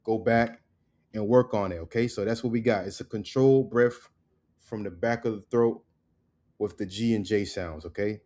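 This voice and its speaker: A man teaching a casual online language lesson. He drills words slowly and keeps checking in with "right?" and "okay?". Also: lowish voice, mellow.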